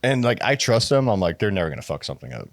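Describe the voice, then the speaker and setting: A man's voice: fairly low pitch, no room sound. An American man, a tattoo shop owner, telling stories in casual podcast chat and acting out quotes. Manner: fast, animated storytelling, acting out quotes. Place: podcast studio.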